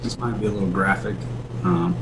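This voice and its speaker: A man's voice: lowish voice, very animated, brisk, creaky, background noise. A man in his thirties, an army veteran, telling war stories in a blunt, rambling, heavily profane way. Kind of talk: casual war storytelling.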